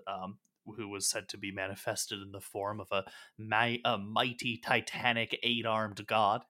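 A man narrating as game master, relaxed and rambling, with frequent fillers. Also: on the low side.

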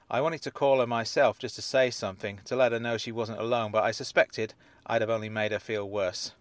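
A man narrating his own story in first person, in a deadpan, self-deprecating manner. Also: medium pitch, no room sound.

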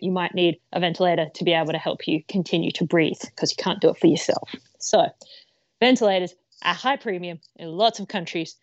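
A woman's voice: fairly low pitch, no echo, highs cut off. A woman co-hosting a podcast, telling news stories in a chatty, playful way. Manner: chatty storyteller, playful asides. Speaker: co-host. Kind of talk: casual podcast news chat.

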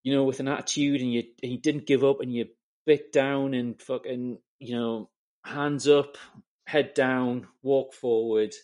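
A man's voice: mid-range voice, darkish tone. A man with an English accent, chatting as an interview guest, swearing freely and joking at his own expense. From England. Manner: sweary, self-deprecating storyteller. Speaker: guest, camera assistant. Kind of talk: casual interview chat.

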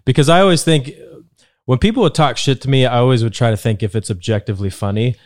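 A man's voice: medium pitch, fast, no echo. A man hosting a podcast, asking a guest questions in a rambling, hesitant way. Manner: rambling, hesitant phrasing with restarts. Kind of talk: casual interview questions.

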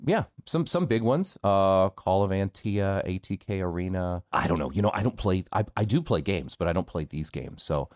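American guy talking shop, low voice, dead dry mic. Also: moderate pace, hardly any pauses, dry recording. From United States. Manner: relaxed, explanatory, with frequent fillers. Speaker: voice actor guest. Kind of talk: casual interview talk.

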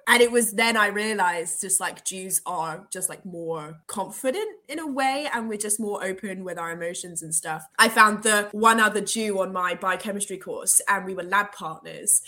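Casting: young woman, bright forceful voice, lively chatty podcast guest. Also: mid-range voice, moderate pace, few pauses. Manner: animated, chatty storyteller. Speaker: podcast guest, museum founder. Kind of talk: casual chat.

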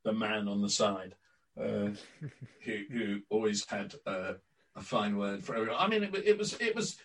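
An older man, a guest on an interview podcast, telling lively stories from his career and acting out quotes. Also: lowish voice, moderate pace, far from the mic, slight background noise, rough recording. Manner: lively raconteur, acts out quotes. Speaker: interview guest, former club announcer. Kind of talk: anecdotal storytelling.

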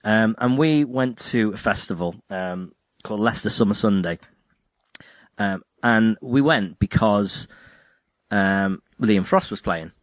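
A podcast host chats casually about music in a rambling, jokey manner, repeatedly interrupting himself and starting over. His voice is lowish and a little slow, with no echo.

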